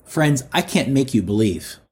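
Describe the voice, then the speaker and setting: A man preaching a sermon, calling his listeners friends and repeating each quoted line slowly for emphasis. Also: medium pitch, expressive, a little mellow.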